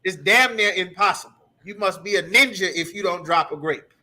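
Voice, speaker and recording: A man's voice: high voice, normal speed, pushed and bright. A man teaching a scripture class, ranting in an emphatic, profane, repetitive way. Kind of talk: heated scripture breakdown.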